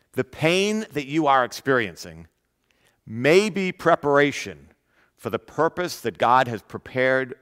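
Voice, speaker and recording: An earnest male pastor delivers a sermon at a medium pitch, repeating key phrases and drawing out important words. His voice carries a long reverb, as if heard in a large hall. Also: a bit bright.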